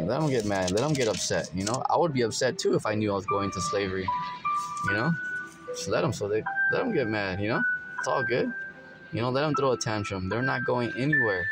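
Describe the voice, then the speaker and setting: A middle-aged male preacher reading scripture and explaining it in a casual, conversational way, full of "you know" fillers. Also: lowish voice. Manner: conversational, many "you know" fillers, acts out everyday quotes. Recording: music playing under the voice.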